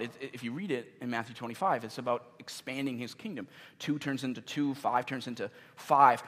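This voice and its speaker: A man preaching a sermon as pastor, earnest and emphatic, slowing down for key questions and hitting some words hard. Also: medium pitch. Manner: earnest, emphatic, with sudden loud stresses and slowed key questions. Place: church meeting in a gym. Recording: long reverb of a large gym.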